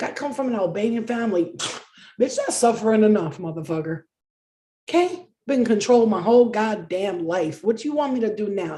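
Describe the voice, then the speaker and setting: A woman's voice: medium pitch, mellow. A woman in a casual ranting monologue, blunt and heavily profane, firing off rhetorical questions. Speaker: spiritual reader, vlogger. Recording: echoey room.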